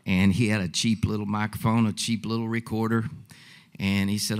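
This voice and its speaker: A man's voice: fairly low pitch, fairly even intonation, moderate pace. A man telling the story of becoming a songwriter, in a folksy way, acting out the people he quotes. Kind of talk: storytelling testimony.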